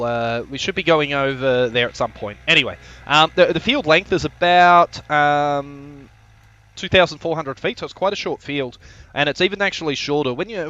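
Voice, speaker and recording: A man's voice: mid-range voice, sharp tone, dry recording, highs cut off. A man casually commentating his own flight video on a live stream, joking, swearing and rambling with lots of fillers.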